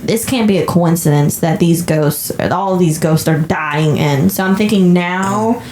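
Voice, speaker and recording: A woman's voice: on the low side, measured pace, darkish tone. Chatty woman in an echoey room. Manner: chatty, thinking aloud. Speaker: podcast co-host. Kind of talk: casual movie discussion. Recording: echoey room with faint background noise.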